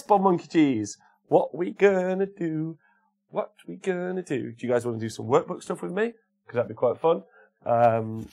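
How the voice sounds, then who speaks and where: A man's voice: lowish voice, vocal fry, a little mellow, breathy edge. A man hosting a casual livestream, rambling and chatting while greeting viewers by name. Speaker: livestream host. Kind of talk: casual chat reading live comments.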